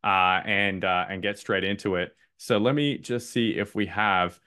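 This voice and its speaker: A man's voice: fairly low pitch, fairly even intonation, a little slow, bright, forceful tone, clear, resonant tone. Upbeat man presenting a live webinar. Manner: loose, upbeat, many fillers and restarts. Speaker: masterclass presenter.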